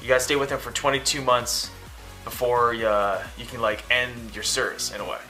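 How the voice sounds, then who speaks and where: A man's voice: medium pitch, fairly even intonation, normal speed, sharp tone, soft background music. A man casually telling a rambling story to camera, often acting out the phone conversation he describes. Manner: rambling, quotes phone dialogue. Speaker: vlogger.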